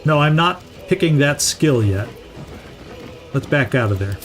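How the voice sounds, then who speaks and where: A man's voice: a little high, animated, unhurried, soft background music. Chatty middle-aged man narrating gameplay. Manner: chatty, thinks aloud, repeats words when restarting. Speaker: gaming channel host. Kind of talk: casual let's-play commentary.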